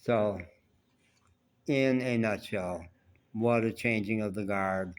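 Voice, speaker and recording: A man's voice: lowish voice, slow, smooth. A man vlogging, telling a personal story in a rambling, candid, self-reflective way.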